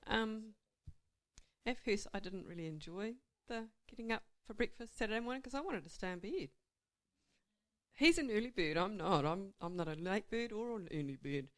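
A woman's voice: medium pitch, animated, normal speed. A woman sharing an informal, candid testimony about her marriage to a church audience, with light laughter.

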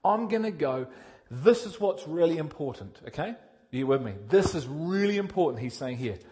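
Preaching a sermon with energy and directness, a man questions his listeners and moves between loud emphasis and quiet intensity. His voice sits on the high side, at a moderate pace.

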